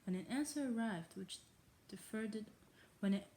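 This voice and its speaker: Reading a novel aloud in a casual way, this woman adopts an English accent, stumbles over words and pauses for self-deprecating comments. Her mid-range voice is warm and at normal speed, with a faint hiss or hum.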